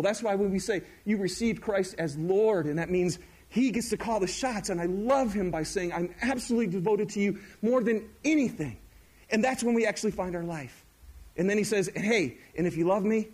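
A middle-aged male pastor preaching an animated, conversational sermon and asking the audience questions. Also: sits high.

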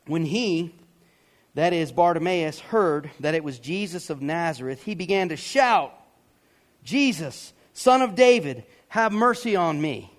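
A man preaching a sermon to a congregation, emphatic, with sudden shouted lines and casual asides. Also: sits high. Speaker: pastor.

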